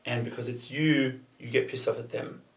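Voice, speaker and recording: Male presenter at a club, mid-pitched and chatty, recorded from a distance with a dull sound. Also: steady tone, normal speed, creaky. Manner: loose and chatty, with many fillers and the odd swear. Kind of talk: casual talk to a small group. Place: room with a group of listeners. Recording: echoey room, far from the mic, dull sound.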